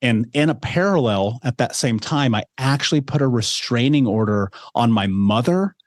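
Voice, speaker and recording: A man in his thirties speaks candidly as a podcast guest, recounting his life story in a steady mid-range voice. His delivery is conversational, dotted with quick asides, and the sound is dry and close with no room around it. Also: medium pitch, dry recording. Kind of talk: telling a personal life story.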